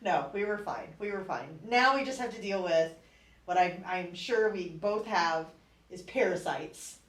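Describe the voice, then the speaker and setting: A woman's voice: on the low side, lively intonation, a little slow. A woman co-hosting a podcast in casual chat, laughing often and swearing casually as she jokes. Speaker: podcast co-host. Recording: roomy, distant mic.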